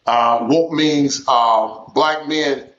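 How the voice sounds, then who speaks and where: A man's voice: mid-range voice, fairly even intonation, extremely slow, a bit bright. Emphatic man on lo-fi stream audio. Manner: emphatic, repeats words and phrases. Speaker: guest. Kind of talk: casual live-stream chat.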